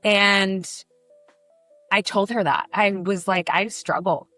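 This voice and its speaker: A middle-aged woman from Brazil, a burlesque performer, telling candid, animated stories in an interview and acting out the people she quotes. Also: mid-range voice, slow, no echo, faint music behind. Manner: animated, emotional storytelling with acted quotes.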